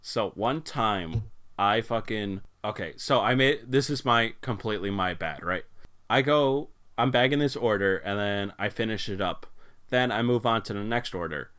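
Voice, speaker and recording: A young man with a somewhat low voice hosts a laid-back podcast. He rambles, swears freely and drops into little mocking impressions of people from work. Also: normal speed, fairly bright tone, smooth. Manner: rambling, swears a lot, mimics coworkers in put-on voices. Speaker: podcast host. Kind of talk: casual podcast chat.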